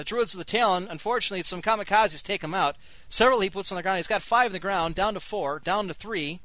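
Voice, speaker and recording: A man's voice: sits high, sharp tone, no room sound. A man hosting an online radio show, giving live commentary on a strategy game with wry, sarcastic asides. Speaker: host and game caster.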